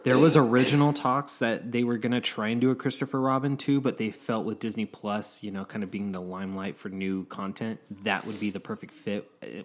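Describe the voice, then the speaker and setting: A man co-hosting a podcast in casual chat, playful and teasing. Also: fairly low pitch. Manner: playful, teasing, quick to laugh. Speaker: podcast co-host.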